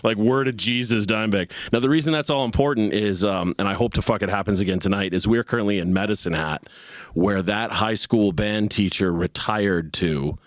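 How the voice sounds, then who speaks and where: A man's voice: fairly low pitch, fairly quick, dry recording. A man in his thirties, a guest musician in a casual interview, laid-back, laughing a lot and swearing freely. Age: 30s.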